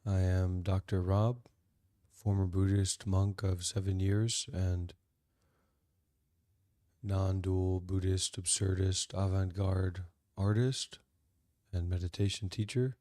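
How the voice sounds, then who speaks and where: A man talking as a meditation teacher, in a halting, deadpan way with dry irony. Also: sits low, dry recording. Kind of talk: casual spoken teaching.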